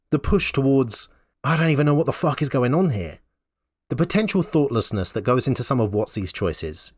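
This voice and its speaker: A man's voice: mid-range voice, no room sound, clean studio sound. A man giving blunt, wry opinion commentary in a conversational way. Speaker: YouTube commentator.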